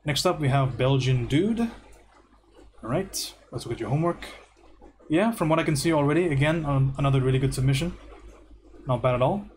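Relaxed man critiquing art homework. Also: mid-range voice, normal speed, pauses often, slight background noise. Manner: relaxed and encouraging, thinks aloud with repeated praise. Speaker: art teacher reviewing student homework.

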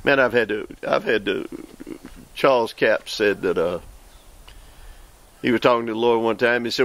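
Exuberant Southern preacher man, gravelly. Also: medium pitch, measured pace, pauses often, no echo. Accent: Southern American. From southeastern United States. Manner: exuberant, exclaims and laughs, repeats words when excited. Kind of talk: informal sermon with storytelling.

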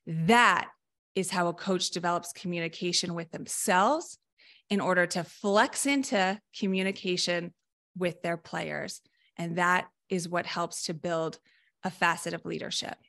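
A woman mental performance coach explaining coaching methods in a podcast discussion, energetic and emphatic, now and then acting out short coaching lines. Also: lowish voice, a little slow, creaky.

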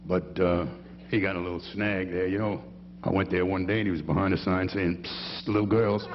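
A man's voice: low voice, level tone, brisk, in a large hall, dull audio, a little hiss or hum. A man leading a band, telling folksy jokes and introducing the players on stage at an outdoor jazz festival through a stage microphone. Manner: folksy storyteller, teasing the band members. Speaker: bandleader introducing his band.

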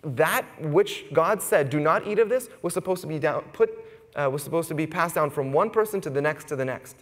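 A man's voice: a little high, expressive, brisk. Man preaching in a reverberant church hall. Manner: conversational preaching, asks the audience "right?". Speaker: pastor. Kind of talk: sermon. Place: church sanctuary.

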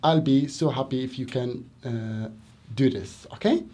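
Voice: medium pitch, normal speed, warm tone. An English teacher with a Moroccan accent giving a lesson to Arabic speakers, repeating words and stressing them theatrically.

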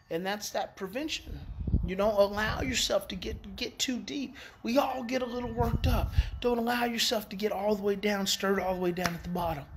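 Guy talking parenting to his viewers, pretty high voice, keeps repeating stuff for emphasis, quiet evening sounds behind. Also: background noise. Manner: emphatic, repeats key phrases, swings in pitch. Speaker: parenting educator. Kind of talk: casual daily talk to viewers. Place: outdoors in the evening.

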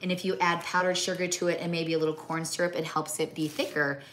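A middle-aged Midwestern woman chats on a home livestream while her hands are busy with a craft. Her voice sits on the low side, and she rambles and trails off into asides. A faint hum of room noise stays under her speech. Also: level tone, fast, a bit bright. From American Midwest. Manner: chatty, rambling, talks to her pets mid-sentence. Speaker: livestream host. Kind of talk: casual chat while crafting. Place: home kitchen or craft table.

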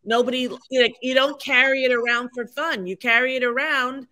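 On a podcast, a woman in her sixties talks with a high, steady, sharp-toned voice at a normal pace. She's frank and candid, chatty and self-deprecating, and her conversational stories are full of fillers.

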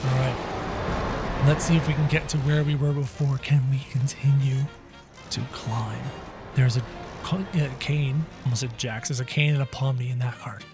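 A young man hosting a gaming channel, giving excited gameplay commentary and narrating every move to viewers. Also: mid-range voice, moderate pace. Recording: faint game music behind.

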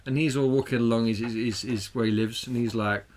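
A man's voice: medium pitch, fairly even intonation, brisk, slight background noise. A man with a mid-range voice, chatting casually over drinks on a comedy podcast. He rambles and swears freely, often laughing at his own jokes, and faint room sound sits behind him. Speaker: podcast co-host.

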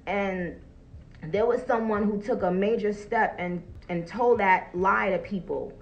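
A woman ranting casually and profanely on a live stream, animated and laughing, getting loud at her peaks. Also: mid-range voice, a little slow, vocal fry, highs cut off, soft background music.

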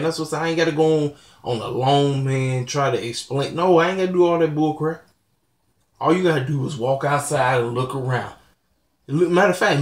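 A young man, hosting his own channel and ranting bluntly and preachily to his viewers. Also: on the high side. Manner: blunt, preachy, laughing asides. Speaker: channel host. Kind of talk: casual vlog rant to viewers. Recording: roomy echo.

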